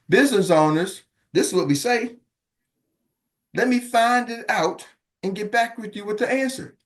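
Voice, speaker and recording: A business coach in middle age, his voice high-pitched with a fairly bright tone, speaks to an audience on motivation and business. He preaches more than lectures, calling out questions and voicing the people he quotes.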